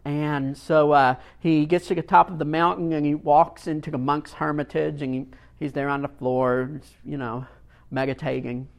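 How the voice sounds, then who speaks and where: A man preaching a sermon, emphatic and dramatic, swinging from hushed phrases to loud ones. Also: a little high, little pitch movement, gravelly. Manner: emphatic, swings from quiet to loud, long pauses.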